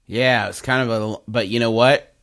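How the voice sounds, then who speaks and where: A man's voice: medium pitch, steady tone, normal speed, a bit bright, no echo, studio quality. A man co-hosting a comedy podcast, reading a listener question and spinning absurd scenarios in loose, rambling banter. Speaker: podcast co-host.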